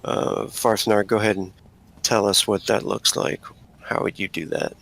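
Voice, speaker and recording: A man's voice: lowish voice, little pitch movement, moderate pace, a bit bright. A man narrating a tabletop game as game master, setting scenes and prompting players.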